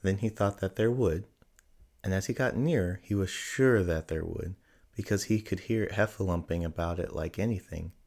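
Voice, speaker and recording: A man reading a children's storybook aloud in a gentle, measured way. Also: low voice, gravelly. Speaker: narrator.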